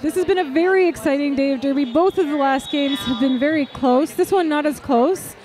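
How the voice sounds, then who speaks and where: A woman announcing roller derby live, excitable and gushing. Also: high voice, a little fast. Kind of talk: live sports commentary.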